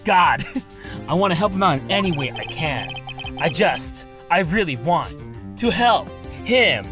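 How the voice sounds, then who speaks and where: An earnest young defense lawyer from a video game, reading his lines plainly, as a man voices him. The delivery is lively in pitch, with music underneath. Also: unhurried.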